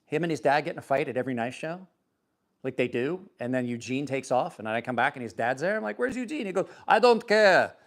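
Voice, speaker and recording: A man's voice: medium pitch, animated, quick pace. A man hosting a knife review channel, talking casually and enthusiastically to camera, rambling and self-deprecating with frequent restarts. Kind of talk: casual product talk to camera.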